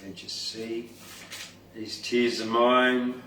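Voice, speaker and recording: Man reading a mournful young sea turtle: slow, low, pleading, from a far mic in a roomy space. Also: fairly even intonation, a bit bright. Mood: sorrowful. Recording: roomy distant mic, faint noise.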